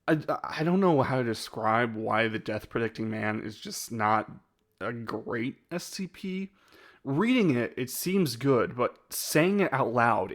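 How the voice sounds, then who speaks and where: A man talks loosely on a live stream, working through a ranking of his own videos. He hesitates and restarts often, breaking into short laughs, and his voice sits at an ordinary middle pitch. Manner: rambling and hesitant, with frequent laughs. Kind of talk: casual live-stream chat.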